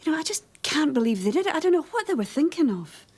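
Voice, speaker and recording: A woman's voice: sits high, big pitch swings, fast talker, darkish tone. An actress playing a worried, caring woman in a TV soap, speaking in a fretful way. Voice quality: fretful, concerned. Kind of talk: TV soap drama.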